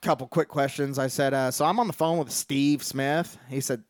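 A man's voice: mid-range voice, normal speed, no echo, clean studio sound. A man, a podcast co-host from Texas, telling a story in casual chat among friends and acting out a phone call with lots of swearing. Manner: animated retelling, acting out both sides of a phone call, swearing freely.

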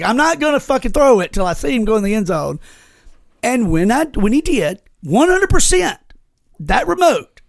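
A man's voice: sits high, vocal fry, no echo. A man co-hosting a podcast, telling a story in casual chat with lots of swearing. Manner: animated storytelling, heavy swearing. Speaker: podcast co-host.

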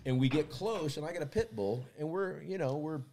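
A man's voice: fairly high pitch, a little fast, a little mellow. Blunt storytelling man, casual chat. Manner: storytelling, repeats words while he talks; blunt and profane. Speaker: podcast co-host.

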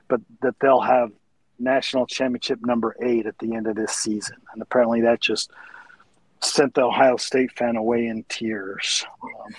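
A man's voice: mid-range voice, no echo, rough recording. Man telling stories on a podcast, dry sound. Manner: relaxed storyteller who laughs easily. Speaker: podcast co-host. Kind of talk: casual podcast chat.

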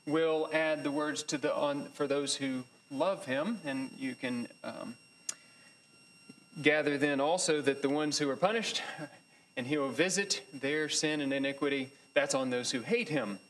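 A man with a somewhat high voice teaches a Bible class. He speaks thoughtfully and haltingly, often restarting his sentences and filling pauses. A faint hum sits in the background. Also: fairly bright tone, poor audio. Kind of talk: lecture.

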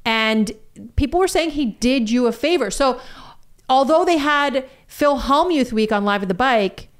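Woman, podcast co-host, casual chat, smooth clear voice, teasing, confident. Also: sits high, expressive. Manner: quick, teasing, confident opinions.

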